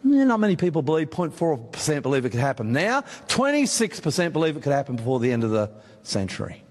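A man's voice: a little high, wildly swooping pitch, quick pace, darkish tone, long reverb tail. A man with an Australian accent preaching a sermon, emphatic and chatty, speaking straight to his audience. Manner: emphatic, conversational, addresses audience directly. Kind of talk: sermon on Bible prophecy. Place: meeting hall with audience.

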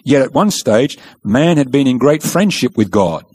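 Animated male preacher. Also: mid-range voice, normal speed, breathy edge. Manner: animated storytelling, acts out quoted speech. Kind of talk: sermon.

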